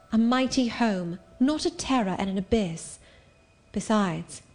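A woman voicing a gentle, pious schoolgirl who speaks in a measured, earnest and serene way, read as an audiobook. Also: on the high side, close to an everyday voice. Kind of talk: audiobook reading.

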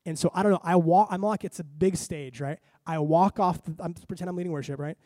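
A man pastor preaching a sermon, telling a story with lively asides and acting out his own reactions. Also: fairly high pitch, a little fast, no room sound. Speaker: lead pastor.

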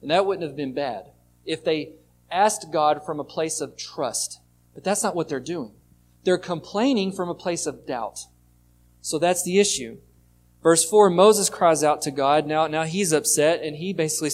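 Higher-voiced male pastor preaching conversationally. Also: moderate pace, darkish tone. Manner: conversational preaching, reads scripture aloud and explains it. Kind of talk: sermon.

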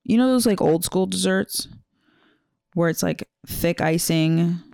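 A woman's voice: on the low side, a little slow, vocal fry, darkish tone, smooth, no room sound. A woman co-hosting a comedy podcast, chatty and self-mocking, close to the mic. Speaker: podcast co-host. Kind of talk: casual comedy chat.

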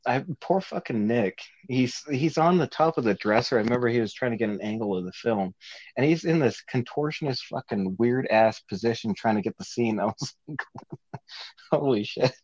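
A man's voice: mid-range voice, animated, normal speed, a little mellow, dry recording, lo-fi sound. A man telling stories in casual chat as a guest, swearing and laughing often. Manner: laughing, profane storytelling. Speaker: guest actor.

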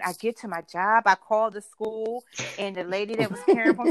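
A woman's voice: mid-range voice, steady tone, fairly quick. A woman from Philadelphia, a podcast guest, telling a personal story in a heartfelt, reflective way, laughing now and then.

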